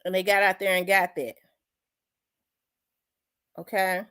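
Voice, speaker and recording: A woman's voice: mid-range voice, flat delivery, a little slow, a bit bright, clear, resonant tone. A woman from South Memphis with a Memphis accent, hosting an opinion vlog in a blunt, profane, fired-up rant. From South Memphis, Tennessee. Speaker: host.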